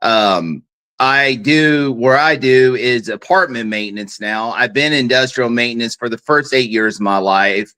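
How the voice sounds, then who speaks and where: A man's voice: mid-range voice, unhurried, bright, forceful tone, smooth. A man, a guest talking in a folksy, plain-spoken way with many fillers. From Missouri, United States. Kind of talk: casual interview talk.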